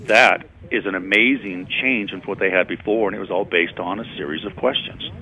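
Appearing as a guest on a radio talk show, a deep-voiced man speaks a little fast, explaining things through anecdotes in a conversational way. He acts out the lines he quotes, and the audio has a tinny, phone-like radio quality.

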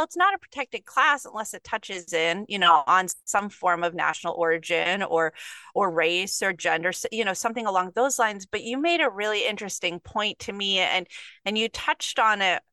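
A woman's voice: medium pitch, animated, moderate pace, bright, forceful tone, no echo. A woman hosting a podcast interview, talking in a thoughtful, rambling way. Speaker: podcast host.

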